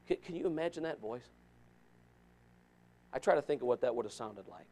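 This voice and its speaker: A male pastor preaching a sermon, swinging between shouting and hushed softness, with stammering restarts. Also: mid-range voice, lively intonation, brisk, long pauses.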